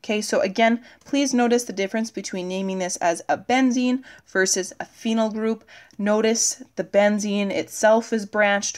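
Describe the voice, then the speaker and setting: A woman with a medium-pitched voice teaches a recorded chemistry class. Writing on the board, she talks through her thinking and plugs the silences with "okay" and "uh."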